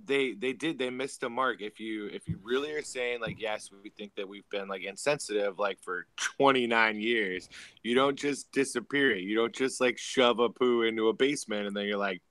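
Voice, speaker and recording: Low-voiced man rambling casually. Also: moderate pace, fairly bright tone, no room sound. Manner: loose, filler-heavy talk. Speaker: podcast co-host. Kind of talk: casual chat.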